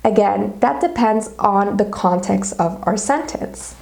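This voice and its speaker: Slow, gravelly-voiced woman teaching grammar. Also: mid-range voice, a little mellow. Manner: methodical, explains step by step with examples. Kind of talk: grammar lesson video.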